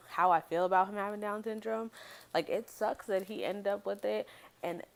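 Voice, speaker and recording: A young woman with a low voice talks casually to her viewers. She rambles, speaks bluntly and swears without a second thought, as in a home vlog. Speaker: mom vlogger.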